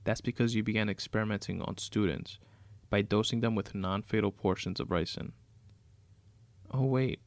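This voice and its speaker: Smug escaped con read by a man, low gravelly voice, gloating. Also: moderate pace, no echo, natural voice. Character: cold scheming male jailbreaker framing someone.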